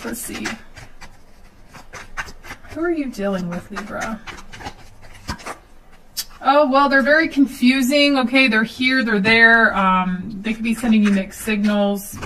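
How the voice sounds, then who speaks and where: A woman's voice: on the high side, unhurried, a bit bright, distant mic, slight background noise, rough recording. Chatty woman giving a tarot reading. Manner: chatty, with filler ums and nervous laughs. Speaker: tarot reader. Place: at home.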